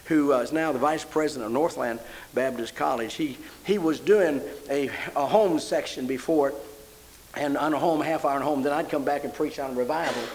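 An older man with a darkish tone preaches a sermon at a moderate pace, caught on a rough recording. He tells a story and rises into fervent praise, reaching high emotional exclamations.

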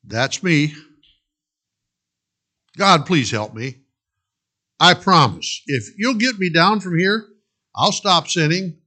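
A man voicing a panicked man stranded on a cliff, yelling and pleading for help in a high strained voice. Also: lively intonation, takes it slowly, few pauses, full character voice. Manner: frantic desperate yelling.

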